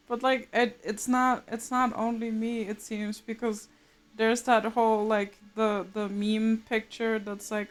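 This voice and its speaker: A woman's voice: a little high, animated, takes it slowly. A woman streaming live, chatting casually and laughing often while she mutters to herself over her drawing. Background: soft game music.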